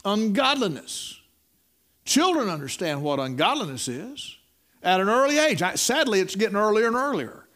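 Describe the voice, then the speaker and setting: A man's voice: high voice, sing-song, moderate pace, a bit bright. A middle-aged man preaching a sermon in a folksy storytelling way, repeating words and calling listeners "my friend.".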